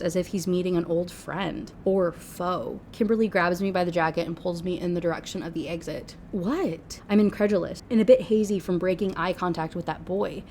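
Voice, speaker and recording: A woman's voice: on the low side, darkish tone, a little hiss or hum. An American woman ranting sarcastically and animatedly in her book review. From United States.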